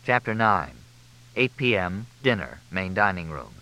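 A man reading an audiobook as narrator, in a measured, expressive way. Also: low-pitched, rough recording. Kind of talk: scripted narration.

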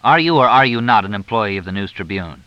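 A man voicing a gruff, irritable male newspaper boss who asks curt, exasperated questions. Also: fairly low pitch, expressive, fast talker, no echo, close to an everyday voice. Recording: dull lo-fi dry recording.

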